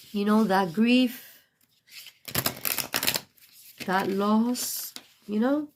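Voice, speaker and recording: A woman's voice: medium pitch, very slow, long pauses, darkish tone, a little hiss or hum. A middle-aged woman giving a casual tarot reading, blunt and profane, emotional and choking up at times, with non-native English phrasing. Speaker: tarot reader.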